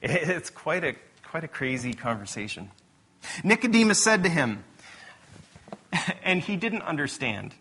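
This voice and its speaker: A pastor giving a sermon in a relaxed, conversational way, often restarting his sentences and correcting himself as he tells stories. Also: on the high side, unhurried, pauses often, husky.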